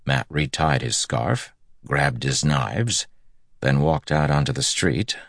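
A man narrating a story in an audiobook, with steady, measured storytelling. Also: a bass voice, creaky, no room sound, clean studio sound. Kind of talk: scripted narration.

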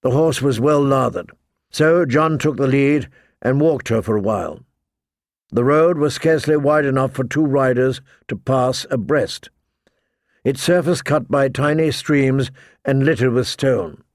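Gravelly, measured audiobook narrator, a man. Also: mid-range voice, dry recording, studio quality. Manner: measured, deliberate storytelling. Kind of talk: scripted fantasy narration.

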